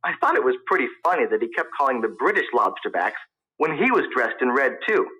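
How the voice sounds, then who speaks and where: A man's voice: medium pitch, big pitch swings, brisk, bright, forceful tone, lo-fi sound. A man narrating a story in the first person, in a plain storytelling manner. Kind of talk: audiobook narration.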